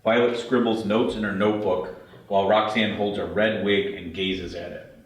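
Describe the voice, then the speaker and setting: Man, deep voice, reading script directions, matter-of-fact, very echoey, distant mic. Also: little pitch movement, moderate pace. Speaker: narrator reading scene directions. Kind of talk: script read-through narration. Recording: very echoey, distant, faint hiss.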